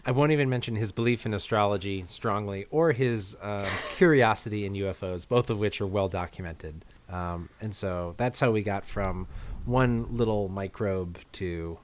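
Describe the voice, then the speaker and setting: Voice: low-pitched, normal speed, slight background noise. Wry chuckling podcast guest. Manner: dry wry jokes, chuckling. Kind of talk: comedic science podcast chat.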